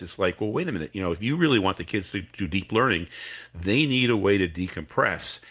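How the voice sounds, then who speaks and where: This man's voice is lowish, animated and fairly bright, moving at a normal pace. An educator and coach, he guests on a podcast to explain a technique, slipping into the voices of students and teachers.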